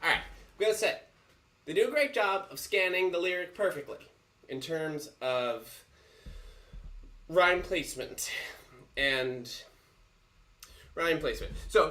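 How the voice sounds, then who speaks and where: Male musical theatre teacher, animated and unhurried, sings examples; echoey room. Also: a little high, recorded from a distance. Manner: animated, breaks into singing lines. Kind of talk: song analysis with sung examples.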